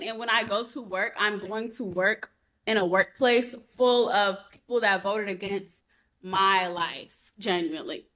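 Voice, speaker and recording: A woman co-hosting a podcast, telling a story in a heated, profane, animated way. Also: medium pitch, unhurried. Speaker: podcast co-host. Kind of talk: casual chat.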